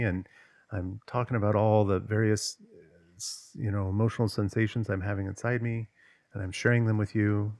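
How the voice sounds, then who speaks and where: Low gravelly man in a dry room. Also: no echo. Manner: animated, emphatic, acts out quoted voices. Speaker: coach. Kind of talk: casual talk to camera.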